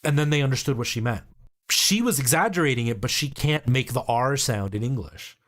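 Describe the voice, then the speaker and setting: A man's voice: mid-range voice, expressive, fairly quick, a bit bright. A man in his thirties from Canada, chatting casually on a live stream and explaining things in a rambling way, with lots of ums and likes. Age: 30s.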